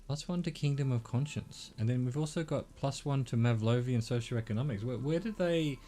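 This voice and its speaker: A man's voice: medium pitch, fairly quick, mellow. A middle-aged man from Australia, a streamer thinking aloud and swearing casually as he plays a game. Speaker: gaming streamer. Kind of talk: casual gameplay commentary.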